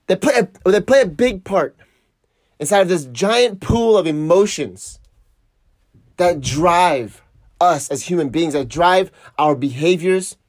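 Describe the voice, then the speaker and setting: A man's voice: on the high side, darkish tone, dry recording, clean studio sound. A man telling a story casually, swearing and laughing as he reflects on a mishap while surfing. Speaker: surf vlogger.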